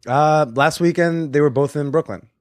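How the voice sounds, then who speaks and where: A man's voice: on the high side, normal speed, no room sound, studio quality. Blunt, crude-talking male podcast host. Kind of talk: casual podcast chat.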